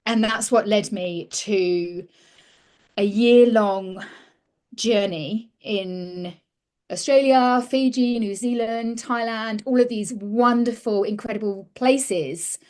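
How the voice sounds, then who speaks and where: A woman speaks as a guest in a relaxed interview. She tells her story earnestly and thoughtfully, often breaking off and restarting her sentences. Her voice sits at a middle pitch. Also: slow pace. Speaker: women's mentor, interview guest.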